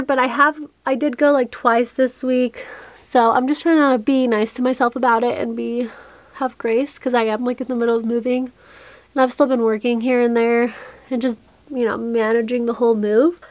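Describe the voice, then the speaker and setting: A young woman vlogging in a chatty, rambling way, a little out of breath, talking to her camera in a cluttered room. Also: fairly high pitch. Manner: rambling, breathless, restarts often. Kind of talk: chatty get-ready-with-me vlog. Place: small cluttered room indoors.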